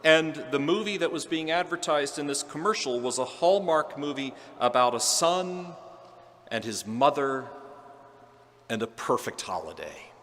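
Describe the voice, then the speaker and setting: A man giving a homily as a priest, telling a personal story in a gentle, earnest way with touches of quiet humor. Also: fairly high pitch, lively intonation, moderate pace. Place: large church. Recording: long church reverb.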